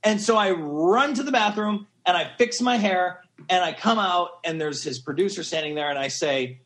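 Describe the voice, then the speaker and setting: A man in his thirties tells a story as a podcast guest, fairly high-voiced and full of animated, gushing energy. He acts out the lines of the people in his story as he goes. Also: moderate pace. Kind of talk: casual storytelling chat.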